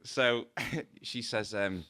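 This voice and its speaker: A man with a low-pitched, forceful voice, recorded dry and close. He tells casual stories as a podcast guest, playing out both sides of each conversation, and he laughs often as he goes. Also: drawn-out words, dry recording. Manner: lively storyteller, acts out dialogue, laughs often. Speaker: guest, tattoo artist. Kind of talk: casual anecdote-telling.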